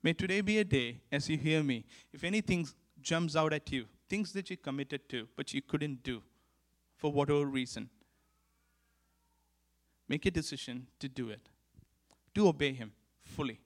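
Earnest preacher, a man with a higher voice. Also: normal speed. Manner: earnest, repeats key lines for emphasis; swings from emphatic to hushed. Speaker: pastor. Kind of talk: sermon.

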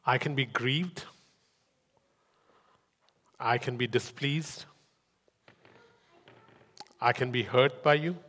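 A preacher voicing a soft, fatherly God. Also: mid-range voice, slightly rough. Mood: tender. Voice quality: soft, hushed and slow. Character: gentle fatherly God speaking tenderly to his child. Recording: long hall reverb.

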